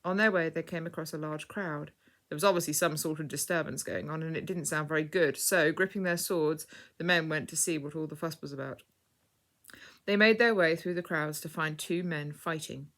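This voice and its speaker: A woman reading a children's story aloud in clear, measured scripted narration. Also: sits low.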